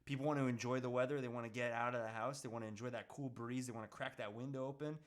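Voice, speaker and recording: A man's voice: mid-range voice, steady tone, rapid-fire. A man in casual chat on a talk show, jokey and hyped, playing things up. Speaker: co-host.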